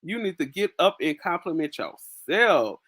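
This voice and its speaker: A woman's voice: on the low side, sing-song, measured pace, a bit bright, no room sound, clean studio sound. A young woman hosts a casual livestream, chatting to viewers, reading their comments aloud and laughing often with slangy asides. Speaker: livestream host. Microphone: phone.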